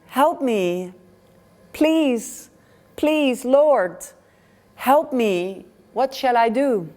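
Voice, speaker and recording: A woman voicing a desperate male pilgrim dangling from a cliff, shouting and pleading for help. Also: fairly high pitch, voice pushed up, full character voice.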